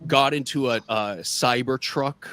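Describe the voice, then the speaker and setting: A man's voice: medium pitch, measured pace, a bit bright, clean tone, no room sound. A young American man doing a stand-up set over a video call, rambling and self-mocking, with many filler "like"s. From United States. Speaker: stand-up comedian.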